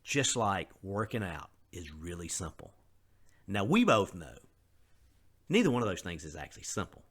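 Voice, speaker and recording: This middle-aged podcast host has a deep, husky, slightly bright voice and talks at a normal speed with lots of animation. His candid motivational monologue is earnest and conversational, and he freely admits his shortcomings.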